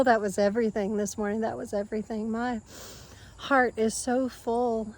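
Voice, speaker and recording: A woman's voice: on the high side, little pitch movement, normal speed, dry recording. A woman talking in a heartfelt monologue, emotional and gushing, laughing often and restarting her sentences. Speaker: homesteading vlogger. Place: outdoors at a farm orchard.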